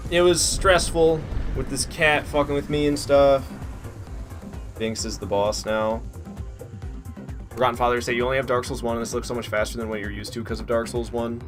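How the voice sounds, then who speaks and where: A man's voice: mid-range voice, moderate pace. A man streaming a game, talking casually and swearing a lot as he rambles and reacts. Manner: profane, excitable, rambling. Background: faint game music.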